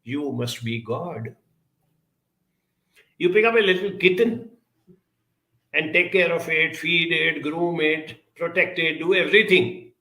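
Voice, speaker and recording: A man speaking at a conference, earnest and advising, pausing often with hesitations as he answers audience questions. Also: fairly high pitch, steady tone, bright, forceful tone, echoey room, rough recording.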